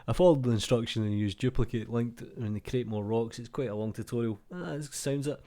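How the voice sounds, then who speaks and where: Laid-back British man with a mellow voice. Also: medium pitch, brisk, few pauses. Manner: laid-back and chatty, swears often, calls people mate. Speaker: YouTube channel host. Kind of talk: casual chat reading out viewer comments.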